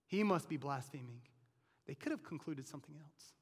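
Man preaching a sermon, high-pitched voice, chatty conversational delivery, long hall reverb. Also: lively intonation, a little fast, slightly rough. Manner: conversational preaching, frequent "like" and "right?". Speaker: pastor.

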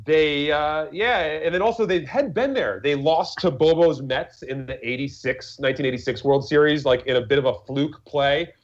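A man's voice: fairly high pitch, normal speed, few pauses. Rambling, swearing man on a lo-fi mic. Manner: rambling, swearing, many fillers and restarts. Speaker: podcast co-host. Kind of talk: casual chat. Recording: lo-fi muffled audio.

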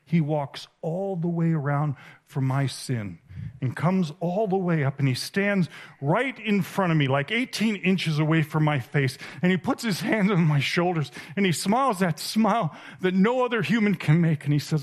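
A man giving a sermon at a conference, telling an emotional story with halting, repeated starts. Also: fairly high pitch, lively intonation. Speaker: conference speaker. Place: conference stage.

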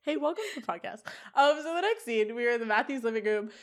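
A woman with a somewhat high voice chats through a TV episode recap as a podcast co-host. She keeps breaking into laughter as she retells the scenes. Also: expressive, fast talker.

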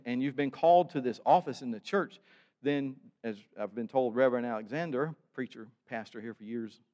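A man preaching a sermon to his congregation, conversational and animated, with asides to the listeners. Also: mid-range voice. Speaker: pastor. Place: church sanctuary. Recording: long church reverb.

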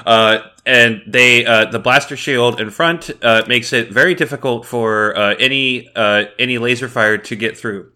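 A man with a bright, forward voice chats casually on a podcast. He unpacks lore details in a nerdy way, leaning on frequent hesitations as he explains. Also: medium pitch, fairly even intonation, normal speed, few pauses. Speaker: podcast co-host. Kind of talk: casual episode recap chat.

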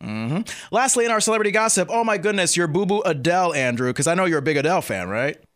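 A man's voice: high voice, animated, fast, fairly bright tone. A man hosting a casual celebrity gossip chat, teasing his co-host in a playful, hesitant way. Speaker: podcast host.

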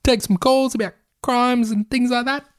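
A man putting on the voice of an eager, bumbling small-town constable with an Australian accent, high and hesitant. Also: steady tone, moderate pace. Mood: sheepish. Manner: high, hesitant, jokey put-on voice.

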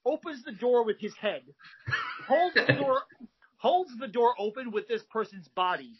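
Male guest, high husky voice, rambling storyteller, lo-fi podcast sound. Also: animated, unhurried. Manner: rambling with frequent fillers and restarts. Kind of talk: animated storytelling.

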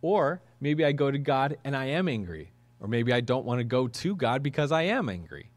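A male pastor delivers a sermon in a plain, chatty, earnest manner, his voice now and then lifting into emphatic bursts. He sits at a middle pitch for a man, and the sound is dry and close with hardly any room around it. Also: very animated, moderate pace, no room sound. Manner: conversational and earnest, with sudden emphatic rises. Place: church.

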